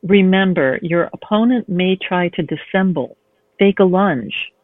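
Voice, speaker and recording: A courtly male fencing instructor, smooth and gently insistent as he guides a nervous beginner, voiced by a woman reading her novel. The sound is thin and phone-like, with no room echo. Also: sits high, a little slow. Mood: coaxing. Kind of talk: read-aloud novel excerpt. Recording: tinny phone-line sound, dry.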